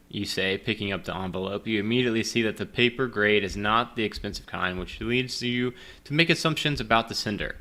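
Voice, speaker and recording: A man's voice: lowish voice, fairly quick, few pauses, sharp tone. A man running and reading a solo tabletop gamebook, rambling and self-deprecating with many fillers, while drinking. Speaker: game master playing a solo gamebook. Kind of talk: casual chat and reading game narration.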